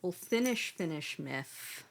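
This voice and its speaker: Creaky-voiced young woman streamer chatting. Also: on the low side, expressive, takes it slowly. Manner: cooing baby-talk to her cat. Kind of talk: casual stream chat.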